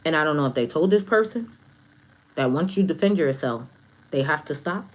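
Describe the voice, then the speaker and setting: Woman, slightly low voice, spiritual advisor type, casual livestream tarot reader, blunt and preachy. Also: expressive, moderate pace. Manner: blunt, profane, emphatic; preachy, repeats phrases for stress.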